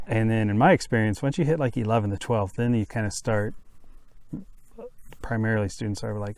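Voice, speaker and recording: Low, smooth-voiced man chatting casually. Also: fairly quick, a little mellow. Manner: rambling, self-correcting, joking. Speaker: podcast host, former teacher. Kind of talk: casual chat. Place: outdoors, windy. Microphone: podcast microphones.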